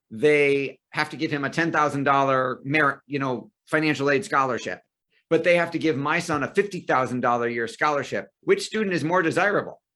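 A man working as a financial aid planner, answering interview questions in a brisk, explanatory way. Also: fairly high pitch, fairly bright tone. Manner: explanatory, brisk, tells client stories.

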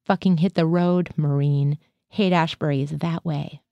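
A hostile male master sergeant, read by a woman, cursing and barking orders. The low, dark voice is heard close and dry. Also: fairly even intonation, unhurried, creaky, dry recording, muffled recording. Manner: swearing, dismissive.

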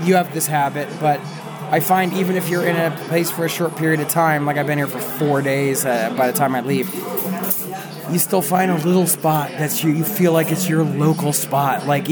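Chatty podcast host in a pub, higher-pitched, clear music behind. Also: male voice. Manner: chatty, laughing easily. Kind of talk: casual chat. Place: pub with a soccer game on.

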